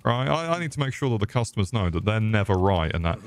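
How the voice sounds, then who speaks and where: A low-voiced British man streaming a game and ranting at it in casual commentary. He swears constantly and gets crude and mock-angry. His voice sits deep and gruff. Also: very animated, fast.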